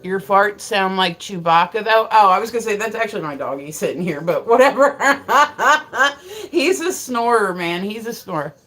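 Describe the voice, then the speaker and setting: A woman's voice: mid-range voice, animated, moderate pace, a bit bright, rough recording. A woman livestreaming in casual chat, telling rambling stories full of swearing and often breaking into laughter as she reads viewer comments aloud. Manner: profane, rambling storyteller; laughs often mid-sentence.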